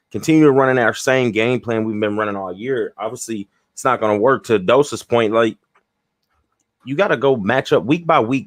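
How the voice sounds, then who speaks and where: A man's voice: mid-range voice, a bit bright, dry recording, clean studio sound. A man co-hosting a sports podcast, talking in a laid-back, slangy way and agreeing with his co-host. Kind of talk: casual sports chat.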